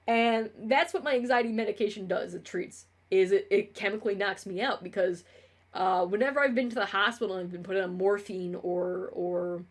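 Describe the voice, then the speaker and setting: A young woman streamer in casual livestream talk. She rambles from tangent to tangent, swears often, and trips over her words as a self-described clutterer. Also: medium pitch.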